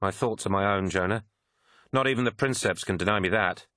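Man voicing a devout war machine pilot, stubborn, zealous, low voice, dry sound. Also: brisk, pushed and bright, no echo. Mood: earnest. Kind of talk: audiobook character voice.

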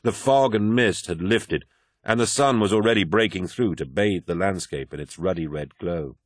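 A man with a very low voice narrates a war novel in a measured, dramatic way. His delivery is steady and scripted. The recording is dry and close, with no room sound. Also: dry recording. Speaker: audiobook narrator.

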